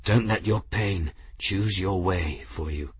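A man voicing a dying old monk who speaks quietly and weakly through pain, with a husky voice. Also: fairly low pitch, slow, no room sound, full character voice. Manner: quiet, weak and pained. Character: dying old male monk, gentle and wise.

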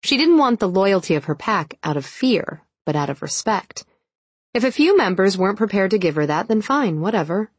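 A woman narrating an audiobook in an even, measured storytelling manner. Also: medium pitch, breathy edge, no echo. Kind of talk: scripted narration.

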